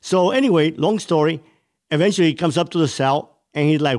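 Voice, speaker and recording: A man from Cuba recounts his past as an interview guest, speaking with intensity and vivid detail. His voice sits a little higher than most men's. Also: a little fast. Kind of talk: storytelling interview.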